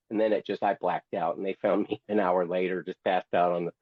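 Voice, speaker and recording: A man's voice: low-pitched, flat delivery, brisk, breathy edge, no room sound, phone-quality sound. A man who is a guest and memoir author, telling a story theatrically and with humor, acting out other people's voices. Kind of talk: storytelling, reading from his memoir.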